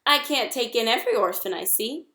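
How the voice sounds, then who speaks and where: A woman voicing a stern, bossy old female goose who scolds briskly in a storybook reading. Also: on the high side, expressive, pushed and bright, roomy sound. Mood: scolding. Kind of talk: storybook read-aloud.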